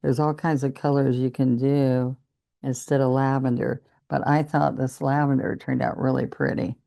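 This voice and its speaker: Talking as she works, an older painting instructor offers friendly encouragement while showing every stroke of the lesson. She speaks at a normal pace with a level tone, her low voice rumbling, gravelly and warm.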